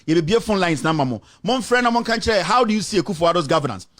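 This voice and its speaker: A Ghanaian man hosts a political call-in radio show with a fiery, combative delivery. His voice sits fairly high for a man, and he moves quickly between English and Twi. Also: animated, fairly bright tone. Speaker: radio talk show host. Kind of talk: heated political talk radio.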